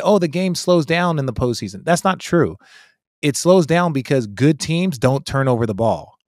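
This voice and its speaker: A man's voice: medium pitch, no room sound, clean studio sound. A man in his forties, a guest analyst in a casual podcast chat, talking emphatically and swearing freely.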